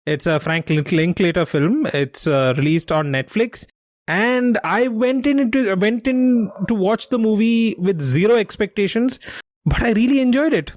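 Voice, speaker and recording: A man's voice: high-pitched, normal speed, no echo, studio quality. A man hosting a quiz podcast in casual chat, explaining answers and teasing his co-host.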